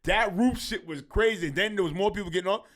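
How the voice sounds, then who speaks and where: High-voiced New man, slangy storyteller. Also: fairly quick. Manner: animated, slangy, laughing through stories. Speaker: podcast host. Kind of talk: casual storytelling chat.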